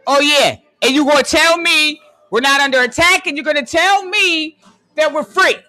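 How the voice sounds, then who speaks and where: A livestream host ranting emphatically, often repeating "excuse me" and "hold on", swinging between loud and hushed and drawing out key phrases into a phone. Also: high-pitched, moderate pace. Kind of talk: conspiracy rant on a live stream.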